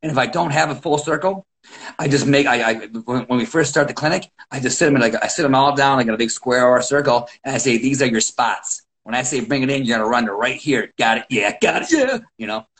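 A wrestling coach, a man, telling animated stories about his practices in a casual chat, acting out quotes and often restarting sentences. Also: mid-range voice, quick pace, poor audio. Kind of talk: casual podcast storytelling.

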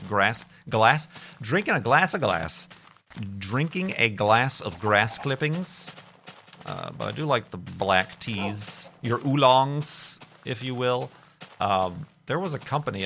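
A man chatting casually while he plays a game, wandering off into long asides and poking fun at himself. His voice sits a little low and has a bright, forceful edge, with a faint hiss of noise behind it. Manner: rambling, joking, self-mocking. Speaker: gaming streamer.

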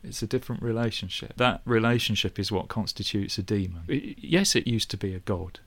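A man's voice: lively intonation, fairly quick. A man, a guest in a conversation, thinking aloud and pressing his point with rising emphasis. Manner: thoughtful, searching, rising in pitch when emphatic. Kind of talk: conversational discussion.

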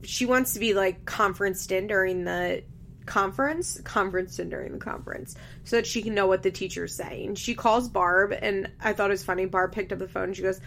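A woman's voice: medium pitch, steady tone, a little fast, gravelly, a bit bright, a little hiss or hum. A young woman chatting casually as she recaps a reality show, candid, laughing often and swearing freely. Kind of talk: casual chat.

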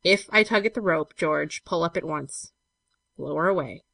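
A woman voicing a grim, quiet gentleman in a told story, speaking slowly and gravely. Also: no room sound, full character voice. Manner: low, quiet, slow and grave.

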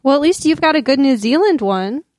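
Slightly high-voiced woman podcast co-host. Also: lively intonation, brisk, a little mellow, no room sound, clean studio sound. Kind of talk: casual chat.

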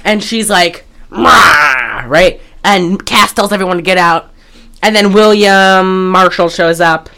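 A woman co-hosting a podcast, chatting casually as she recaps a film, acting out lines and laughing loudly. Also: mid-range voice, measured pace, clean tone. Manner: animated storyteller, acts out lines, laughs loudly. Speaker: podcast co-host.

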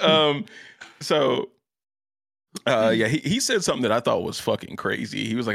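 A man's voice: mid-range voice, sing-song, moderate pace, gravelly, fairly bright tone, breathy edge, no echo, clean studio sound. A man co-hosting a casual anime podcast, laid-back, swearing and laughing often. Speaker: podcast co-host.

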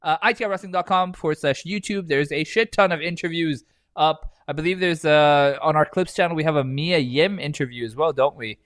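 A man's voice: fairly high pitch, brisk, a bit bright, no echo, clean studio sound. A man co-hosting a podcast, chatting casually and reading aloud while laughing through his lines and swearing. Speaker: podcast co-host.

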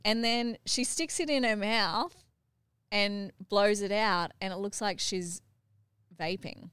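A middle-aged woman hosting a family podcast, animated and laughing as she retells a family story. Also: mid-range voice, slow pace, clear, resonant tone, no room sound. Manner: animated, acts out what others said, laughs while telling. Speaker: podcast host and mother.

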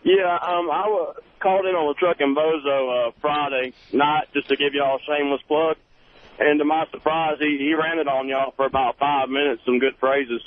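Male caller, folksy and friendly, slightly high voice, tinny phone sound. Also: steady tone, moderate pace, a little hiss or hum. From South Carolina.

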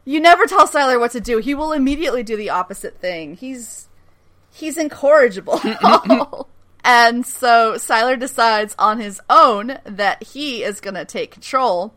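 Woman podcast host gushing about a show, lively up-and-down voice, bright, laughs a lot. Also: fairly high pitch, unhurried. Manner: animated, laughing, swearing, acting out quotes. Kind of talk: casual recap chat.

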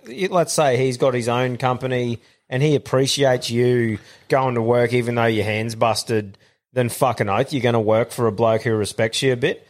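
Man, podcast host, mid voice, casual blunt chat, lots of swearing. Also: medium pitch. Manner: blunt, swearing, laid-back.

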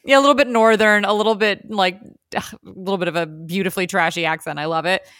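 A young adult woman co-hosting a podcast, chatting casually with lots of fillers and quick impressions of people. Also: medium pitch, fairly bright tone, dry recording, studio quality. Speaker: podcast co-host. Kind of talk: casual chat.

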